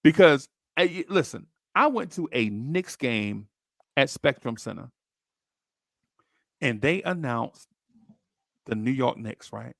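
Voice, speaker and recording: A man hosting a basketball podcast, telling stories in slangy, excitable chat and jumping into high voices when he quotes people. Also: slow pace, gravelly, long pauses, no echo, studio quality. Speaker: podcast host. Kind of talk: animated storytelling chat.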